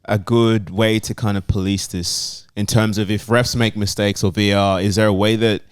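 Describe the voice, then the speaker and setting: A young man from Australia co-hosting a casual football podcast, measured and putting questions to the group. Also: fairly low pitch, level tone, clear, resonant tone, no echo, clean studio sound. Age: young adult. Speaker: podcast co-host.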